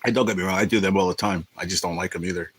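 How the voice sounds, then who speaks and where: A man's voice: sits low, steady tone, racing, slightly rough, poor audio. A man hosting a casual livestream, joking and rambling with viewers and swearing freely. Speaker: livestream host.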